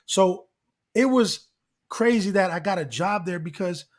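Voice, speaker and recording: A man telling a long story in casual chat, excitable and rambling, acting out what people said. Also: high voice, unhurried. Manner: excitable, rambling, acts out quotes. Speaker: guest rapper and actor.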